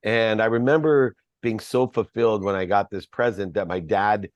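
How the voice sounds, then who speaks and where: Low-voiced man telling his life story. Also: steady tone, moderate pace, dry recording. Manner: earnest, reflective storytelling. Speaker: podcast guest. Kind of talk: personal storytelling.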